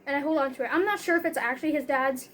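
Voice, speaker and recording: A woman's voice: sits high, rapid-fire. A young woman telling a story in a casual, rambling way, filling her talk with "like" and "you know".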